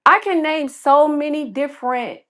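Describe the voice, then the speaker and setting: A woman's voice: sits high, moderate pace, a bit bright. A woman from Georgia with a Southern accent, talking earnestly as a caller on a live stream. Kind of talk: casual opinion talk.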